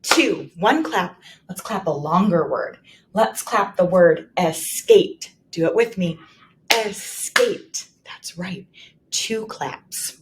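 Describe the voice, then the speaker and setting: A woman teacher modeling writing for young children, slowly and clearly sounding out each word and leading the class to repeat. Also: on the low side, a little hiss or hum. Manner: slow, exaggerated sounding out of words.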